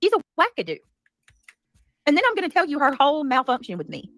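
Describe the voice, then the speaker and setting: A woman hosting a heated livestream, talking fast and defensively with many restarts. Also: high-pitched, sing-song, fairly bright tone, no room sound. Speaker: livestream commentary host. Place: home.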